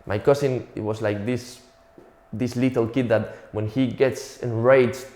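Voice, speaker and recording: A man's voice: mid-range voice, measured pace, mellow, reverberant. A young man from Spain with a Spanish accent, telling a profane, self-mocking stand-up comedy routine.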